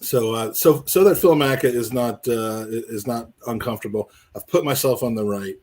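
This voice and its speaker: A man's voice: mid-range voice, moderate pace, a little mellow. A man hosting a podcast as a casual live-stream chat, rambling and joking with many restarts. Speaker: podcast host.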